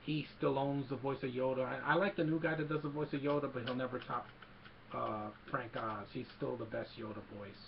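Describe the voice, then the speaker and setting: A man's voice: mid-range voice, steady tone, brisk, vocal fry, very noisy. A man giving a casual, rambling film recap, retelling scenes and quoting lines, on a slightly dull lo-fi home recording. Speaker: movie reviewer.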